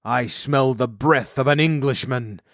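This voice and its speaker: A man's voice: unhurried, a bit bright, dry recording, studio quality. Man doing a thundering man-eating giant. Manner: booming and demanding. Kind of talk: storybook reading.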